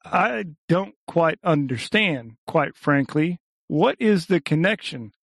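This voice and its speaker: Flustered, uncertain male chairman, put on by a man reading, pitched higher. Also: animated, takes it slowly, vocal fry, no room sound, clean studio sound, heavily acted. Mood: perplexed. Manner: uncertain, hesitant. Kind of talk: audiobook reading.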